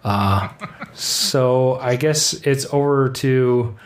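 A man's voice: medium pitch, drawn-out words. A man co-hosting a casual show, reading out an odd news story with jokes and laughter. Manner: jokey, laughing, tries silly accents. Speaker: co-host reading a news segment. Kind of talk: casual chat. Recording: roomy echo.

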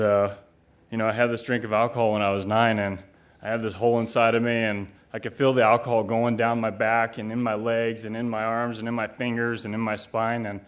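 A middle-aged man giving a candid, rambling personal recovery talk, blunt and often profane, with many fillers. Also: fairly low pitch. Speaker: speaker at a recovery retreat. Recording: dull lo-fi recording.

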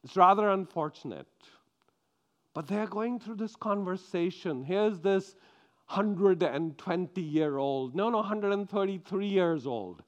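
A man preaching a sermon, with emphatic stresses that drop into quiet, drawn-out lines. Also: sits high, animated, highs cut off.

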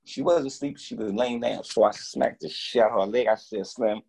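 A man guest telling a story in casual talk, animated and profane, acting out both sides of each conversation. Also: mid-range voice, normal speed, vocal fry, husky.

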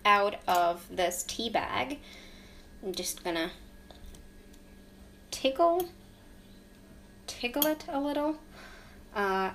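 A woman's voice: medium pitch, slight background noise, low-quality recording. A woman vlogging casually to the camera, hesitant and often stopping to search for words and correct herself, in her kitchen.

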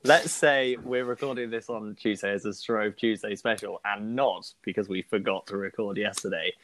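A man's voice: on the low side, fairly even intonation, moderate pace, fairly bright tone, slight background noise. A man co-hosting a casual podcast, laughing often and bantering playfully. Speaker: podcast co-host. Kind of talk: casual chat.

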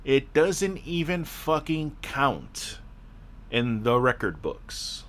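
A man's voice: medium pitch, big pitch swings, slow pace, fairly bright tone. A man hosting a podcast, ranting in a frustrated, profane, rambling way with a sore throat. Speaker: podcast host.

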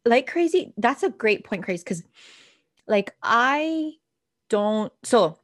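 A woman's voice: a little high, lively intonation, takes it slowly, fairly bright tone. A woman co-hosting a podcast in casual chat, talking in a loose, chatty way full of fillers like "like" and "you know what I mean". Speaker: co-host.

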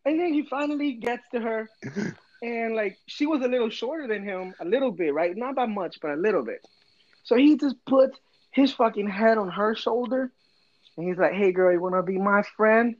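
High-voiced man telling a profane story. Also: lively intonation, normal speed, darkish tone, highs cut off. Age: 30s. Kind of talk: casual chat, storytelling.

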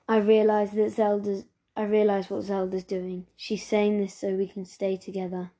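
Woman reading a novel in a flat, mellow voice. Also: medium pitch, moderate pace, hardly any pauses. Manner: steady, even storytelling. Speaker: reader.

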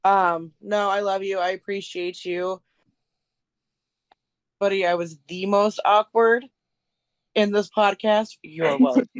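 A woman's voice: mid-range voice, little pitch movement, slow, long pauses, smooth, no echo. Woman guest, giggly, self-mocking, dry close sound. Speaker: podcast guest. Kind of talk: casual chat.

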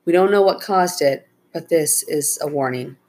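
A woman's voice: sits low, moderate pace, a little mellow. Woman reading an earnest worried father. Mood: serious.

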